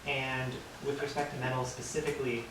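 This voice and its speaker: A man in the audience asking a careful, halting, polite question at a live event. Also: medium pitch, level tone, noisy background. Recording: distant, echoey, with crowd.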